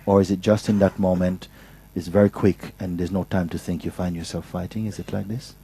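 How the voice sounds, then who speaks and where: A man speaking as a spiritual teacher, patiently and softly giving advice at a gathering, often restarting his sentences. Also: low-pitched, level tone, a little fast, gravelly, slight background noise, poor audio. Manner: patient, soft-spoken, with frequent restarts. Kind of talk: gentle advice in a question session.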